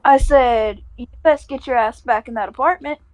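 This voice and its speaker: A woman's voice: sits high, moderate pace, a little mellow, no room sound. A woman co-hosting a casual podcast, bluntly retelling a story with quoted dialogue and swearing. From American Midwest. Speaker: podcast co-host.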